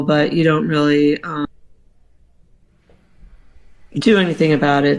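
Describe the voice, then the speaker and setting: A podcast guest telling a personal story in a casual, halting way, full of ums and likes. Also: medium pitch, level tone, creaky. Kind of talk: casual storytelling, recounting a dream.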